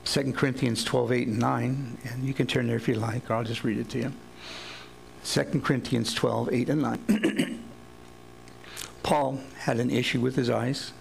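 A man's voice: mid-range voice, fairly even intonation, moderate pace, gravelly, a little hiss or hum, low-quality recording. A male pastor giving a sermon in a casual, joking way, paraphrasing Bible stories in everyday speech.

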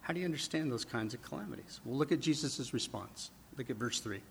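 A man preaching a sermon in a conversational way, asking the congregation rhetorical questions and dropping to a hush for emphasis. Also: mid-range voice, lively intonation, fast talker, gravelly, a little hiss or hum. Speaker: pastor.

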